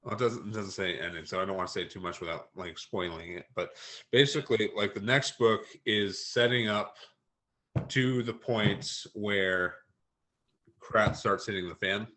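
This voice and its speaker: Male author guest, hesitant, lots of ums, lowish pitch, bright tense tone. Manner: hesitant, many pauses and ums. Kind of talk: casual interview chat.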